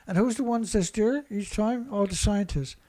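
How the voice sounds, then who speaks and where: A man's voice: high-pitched, measured pace, mellow. A man giving a profane, sarcastic rant as he reads and mocks news reports. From Canada. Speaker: environmental commentator. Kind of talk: ranting commentary over news clips.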